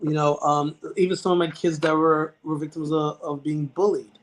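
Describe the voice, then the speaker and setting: A middle-aged man psychiatrist answering interview questions, earnest and halting, with frequent restarts and fillers. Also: a little high, flat delivery. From United States. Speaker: child and adolescent psychiatrist, guest.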